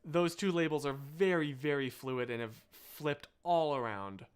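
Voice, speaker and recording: Young american guy on a livestream, kinda high voice, rambles and apologizes for going off topic. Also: animated, unhurried, clean tone. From United States. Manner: rambling, self-interrupting, apologetic asides. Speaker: livestream host. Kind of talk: casual chat with live viewers.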